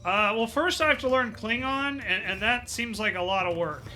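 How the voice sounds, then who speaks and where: A man's voice: high-pitched, normal speed, pushed and bright, soft background music. A man who is a Twitch streamer, chatting casually and bluntly while he plays a game. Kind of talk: casual gameplay commentary.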